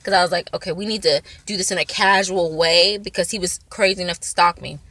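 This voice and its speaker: Woman vlogger, bright tense voice, dry close sound, rambling storytelling. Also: on the low side, quick pace, no echo. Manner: rambling, filler-heavy, animated retelling. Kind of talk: casual storytelling.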